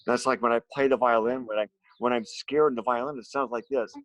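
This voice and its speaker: A man teaching a music lesson to his students from home, explaining slowly and simply and asking them questions. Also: medium pitch, no echo. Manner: slow, simple explanations with lively questions to children. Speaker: special education music teacher.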